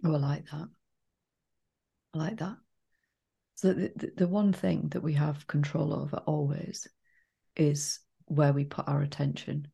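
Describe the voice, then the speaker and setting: A woman co-hosting a casual podcast, reflective and prone to tangents, animated when telling stories. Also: deep voice, unhurried, creaky, pauses often, breathy edge, highs cut off. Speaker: podcast co-host.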